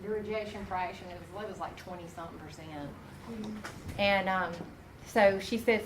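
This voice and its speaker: A woman teaching a nursing class, folksy and animated, talking straight to her students as she mixes lecture with stories. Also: medium pitch, normal speed. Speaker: nursing instructor. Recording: echoey classroom recorded from a distance with noise.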